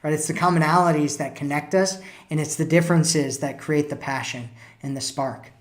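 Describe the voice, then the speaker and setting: A man's voice: fairly high pitch, steady tone, moderate pace. Man, dating coach, live stream host, casual conversational advice, filler-heavy. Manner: conversational, peppered with "right?" and "you know".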